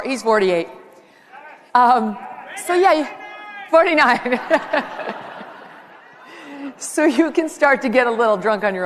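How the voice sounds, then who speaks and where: A woman who hosts a talk show, giving a chatty, joking live speech on stage into a handheld microphone. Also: a little high. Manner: chatty, joking, excitable, rambling asides. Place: large live event hall with an audience. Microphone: handheld microphone while walking. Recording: long reverb of a large hall.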